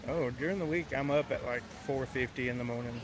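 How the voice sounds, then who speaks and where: A man's voice: mid-range voice, fast talker, rough recording. Easygoing male guest. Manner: easygoing, agreeable, tells a joke with hand motions. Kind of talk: casual chat.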